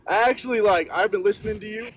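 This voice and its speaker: A man in a car passenger seat calling in on his phone, talking in relaxed slang and swearing. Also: sits high, fast, slight background noise, rough recording. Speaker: caller. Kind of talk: casual call-in chat.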